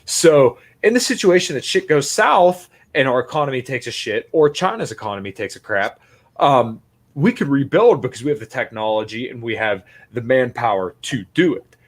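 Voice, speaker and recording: A man in a casual political podcast chat, talking in an animated way, full of restarts. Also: mid-range voice, moderate pace. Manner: animated, talks with restarts and fillers.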